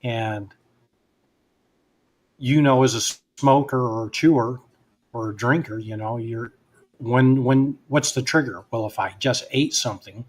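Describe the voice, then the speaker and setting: Man telling a relaxed personal story. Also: medium pitch, measured pace, pauses often. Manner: relaxed storyteller who acts out both sides of remembered dialogue. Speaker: guest hypnotist. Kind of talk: casual anecdotal storytelling.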